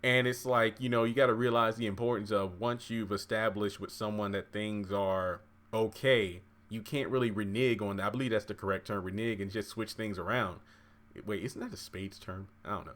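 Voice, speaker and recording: A man's voice: fairly low pitch, fairly even intonation, normal speed, a bit bright. A man giving a casual, rambling recap of a TV episode, chatty and full of fillers and side stories. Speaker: TV recap vlogger.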